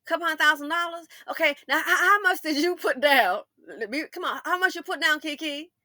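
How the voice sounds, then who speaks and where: A woman hosting a casual commentary monologue, animated and sassy, acting out imagined conversations in shifting voices. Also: high voice, a little fast, no room sound. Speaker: commentary channel host.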